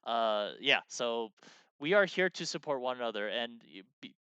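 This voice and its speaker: A man's voice: medium pitch, animated, normal speed, sharp tone, smooth, no room sound, muffled recording. A man co-hosting a game design stream in casual chat, rambling with lots of fillers and restarts as he reads out viewer messages.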